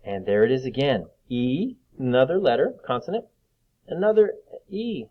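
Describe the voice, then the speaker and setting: A man teaching young children to read, slowly sounding out letters and words with patience. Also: medium pitch, very animated, phone-quality sound. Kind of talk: reading lesson for young children.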